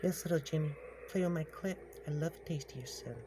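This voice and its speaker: Man doing a tiny old witch woman, higher soft whisper, sweet and creepy, noisy background. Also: a little fast, close to an everyday voice.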